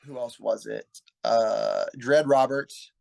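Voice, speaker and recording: A man's voice: medium pitch, steady tone, slow pace, vocal fry, a little mellow. Earnest, rambling young man. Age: 20s. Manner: earnest, rambling, self-correcting. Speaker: guest, pro wrestler. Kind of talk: casual interview storytelling.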